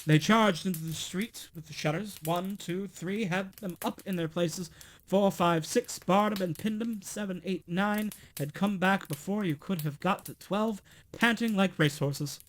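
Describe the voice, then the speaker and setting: Male reader, slightly high voice; expressive storybook narration with small self-corrections. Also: a little slow. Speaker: streamer reading aloud. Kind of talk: storybook reading aloud.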